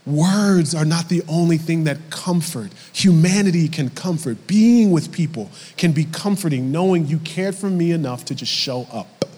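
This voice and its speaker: A man preaching a sermon from the pulpit, lively when acting out quotes and dropping low and soft for the somber stretches. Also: normal speed, hardly any pauses, big-room sound. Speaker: pastor. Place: church sanctuary.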